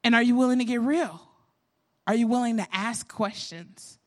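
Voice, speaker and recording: A woman's voice: on the high side, normal speed. A young adult woman hosting a faith podcast, talking in an earnest, candid storytelling way with self-deprecating humor. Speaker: podcast host.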